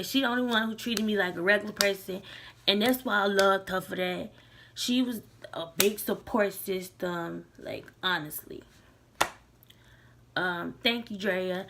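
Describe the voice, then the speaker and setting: Gravelly young woman vlogging candidly. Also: mid-range voice, a bit bright, slight background noise. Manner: loose and candid, with many likes and restarts. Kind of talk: casual chat to camera.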